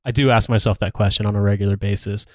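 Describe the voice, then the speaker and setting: A man's voice: on the low side, steady tone, fast talker, a little mellow, dry recording. Sardonic American man, dry close sound. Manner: sardonic, swearing, jokey. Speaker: podcast co-host. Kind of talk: casual comedic chat. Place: home recording room.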